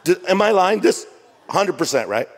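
Animated pastor in a reverberant hall. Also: male voice, high voice, normal speed. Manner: animated, jokey, acts out voices. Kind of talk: sermon with storytelling. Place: church sanctuary.

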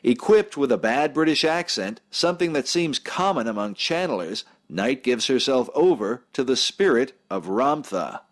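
A man reading a scripted documentary narration in a measured, grave manner. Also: mid-range voice, animated. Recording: voice-over with music behind.

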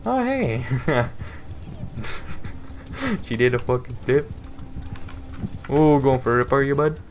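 Slow-talking joking gamer guy. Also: medium pitch, steady tone. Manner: laughing, swearing, joking mock-polite "sorry, eh, bud". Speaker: gaming channel host. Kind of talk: casual gameplay commentary.

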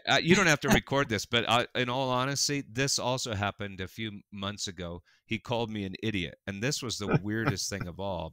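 A pastor telling stories with animated, earnest energy and frequent laughter. His lowish voice is bright and crisp. The sound is close and dry, with no room around it. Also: dry recording. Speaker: pastor and guest. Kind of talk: casual conversational storytelling.

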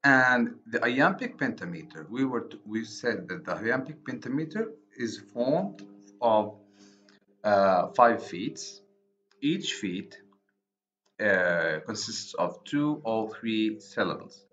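A lecturer with an Arabic accent speaks in a lowish voice, taking his time and going over each point twice. The recording is dull and lo-fi. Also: animated, fairly bright tone, soft background music. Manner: deliberate, repeats and rephrases points, frequent "okay". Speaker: university lecturer.

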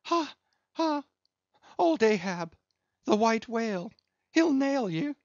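A man's voice: a little high, animated, slow, no echo, voice pushed up. A man reading aloud as a crazed young male cabin boy who rambles in singsong chants. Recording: dull lo-fi dry recording.

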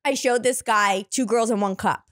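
High-voiced woman telling rambling stories. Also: moderate pace, fairly bright tone. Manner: rambling storyteller, lots of "like". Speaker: guest comedian. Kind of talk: casual podcast chat.

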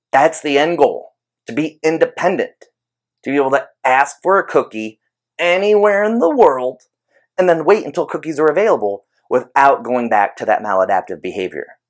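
Man explaining casually with everyday examples. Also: mid-range voice. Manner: conversational, explains with everyday examples, animated emphasis. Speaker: behavior analysis educator. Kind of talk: informal explanatory talk.

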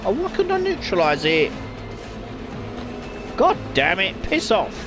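Pitched high with enormous swings, this man keeps a measured pace while narrating a frantic let's play. Curses and repeated apologies pour out as car sounds and game music run underneath.

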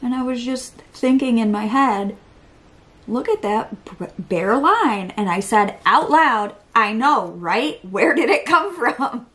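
A woman's voice: a little high, expressive, slow pace, a bit bright, poor audio. A young woman chatting through a makeup tutorial, self-deprecating and talking to herself, now and then dropping to a whisper. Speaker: beauty vlogger. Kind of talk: casual makeup tutorial chat.

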